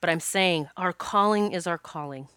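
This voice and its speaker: A woman's voice: lowish voice, normal speed, bright, forceful tone, smooth, no echo, studio quality. A woman telling a personal story in a candid, casual way, laughing often and swearing freely.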